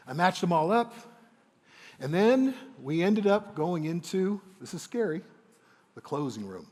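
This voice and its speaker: A man telling a motivational sales story on stage to a live audience, animated and enthusiastic, acting out the dialogue. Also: high voice, measured pace. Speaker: motivational speaker and sales coach. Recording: long hall reverb.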